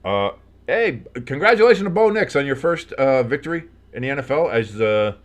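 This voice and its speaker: A man's voice: mid-range voice, sing-song, fairly quick. A man calling football play-by-play with casual reactions, rambling through many fillers and rising sharply on big plays. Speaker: sports fan commentator.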